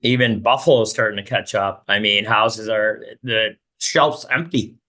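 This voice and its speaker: A man hosting a podcast, chatting in an easygoing way with drawn-out remarks. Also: on the low side, pushed and bright. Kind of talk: casual chat.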